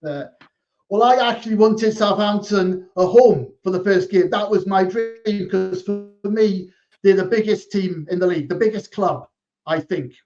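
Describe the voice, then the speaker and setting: A man hosting a podcast, asking questions in a relaxed, joking way. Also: high voice, unhurried, dull audio, music in the background. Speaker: podcast host. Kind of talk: casual podcast chat.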